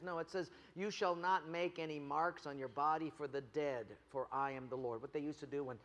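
A man preaching a sermon as pastor, animated, telling stories and putting on voices for the people he quotes. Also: on the high side, brisk, hardly any pauses. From United States. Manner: animated storytelling with jokes and acted quotes. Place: church. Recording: long reverb of a church hall.

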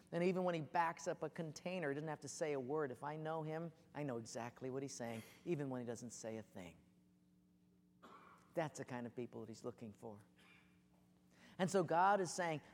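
A man preaching a sermon with passion, building to near shouts as he tells stories. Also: on the high side, in a large hall. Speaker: pastor.

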